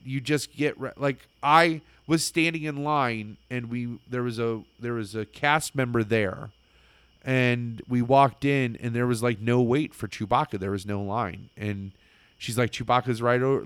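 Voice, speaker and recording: Casual-chat male storyteller, excitable and rambling, smooth dry sound. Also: medium pitch, normal speed, no room sound.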